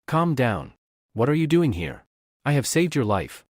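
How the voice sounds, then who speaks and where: A confident young male alchemist, voiced by a man in a comic recap, speaking calmly and matter-of-factly with a lively, moving pitch. The recording is dry and close. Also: a little slow, no room sound.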